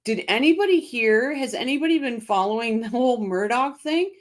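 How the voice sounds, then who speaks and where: A woman's voice: on the high side, expressive, brisk. A chatty middle-aged woman hosts a casual livestream. She reads out viewer comments and talks them over, often stopping and restarting her sentences. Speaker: livestream host.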